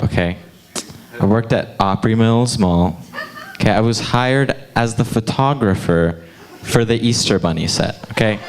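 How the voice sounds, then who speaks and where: A young man telling a funny, self-mocking story to a youth group. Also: on the low side. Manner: chatty, self-mocking, laughs.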